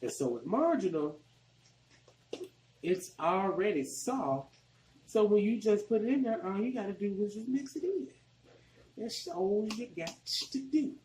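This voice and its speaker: A man's voice: high-pitched, lively intonation, unhurried, pauses often, a little mellow, echoey room, a little hiss or hum, poor audio. A man from Arkansas with a Southern accent, rambling casually while he walks through a cooking tutorial in his home kitchen. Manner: chatty, rambling, colloquial. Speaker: cooking vlogger.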